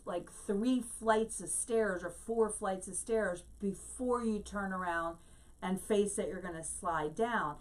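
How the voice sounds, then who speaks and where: Woman teaching scripture from a distance. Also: medium pitch. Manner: explains Hebrew words slowly, tells a story. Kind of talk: Bible teaching.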